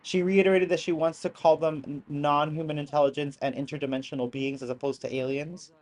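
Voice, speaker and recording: A live-stream host casually reacting to old videos, excitable and chatty, bursting into loud exclamations and making apologetic asides to viewers. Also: medium pitch, fairly quick.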